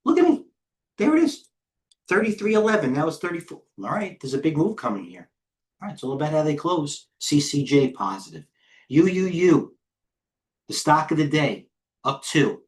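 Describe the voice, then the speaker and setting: A middle-aged man hosting live trading commentary, firing off clipped ticker call-outs and excitedly talking to himself as he trades. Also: on the high side, moderate pace. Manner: talks to himself while trading. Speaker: head trader hosting a market livestream.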